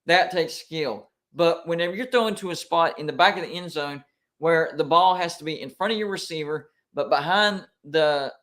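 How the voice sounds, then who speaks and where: Brief: male streamer, slightly higher voice, emotional fan commentary on live football, excitable and complaining. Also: fairly quick.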